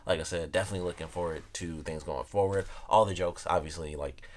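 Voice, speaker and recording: Deep-voiced man rambling through a review. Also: steady tone, fast. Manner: rambling, laughs often, says "like" a lot. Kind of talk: casual solo review.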